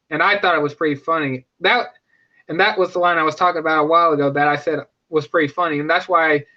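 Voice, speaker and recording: A young man chatting casually through a review, stumbling into restarts and filler words as he goes. His voice is high and bright. The recording is dull and lo-fi. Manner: rambling, with many restarts and fillers. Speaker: movie reviewer.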